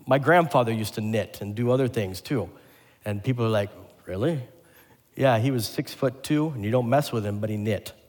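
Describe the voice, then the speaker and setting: Pastor guy preaching, lively, keeps asking the crowd stuff, long echo from the church hall. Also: medium pitch. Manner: lively, talks straight to the congregation with questions. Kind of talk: sermon. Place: church sanctuary.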